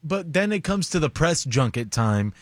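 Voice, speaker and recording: A man co-hosting casual studio banter, arguing his points with quick asides. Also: fairly high pitch, sing-song, dry recording.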